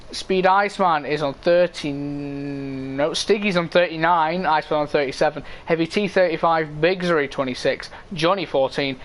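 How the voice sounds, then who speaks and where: A man commentating live on an online racing league, casually reading standings and chatting with viewers. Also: a little high. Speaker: esports race commentator.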